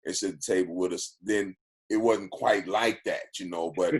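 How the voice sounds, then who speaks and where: A man from Texas with a lowish voice tells stories on a podcast. He is animated and quick to laugh. He hammers his point home by repeating phrases. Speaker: podcast guest, actor and former football player. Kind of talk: casual storytelling.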